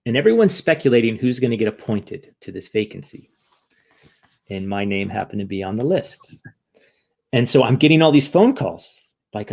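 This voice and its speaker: A man guest on a podcast, telling a story in casual chat, lively, often acting out quoted voices and asking "right?". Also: mid-range voice, vocal fry. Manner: animated, acts out quoted voices, frequent "right?".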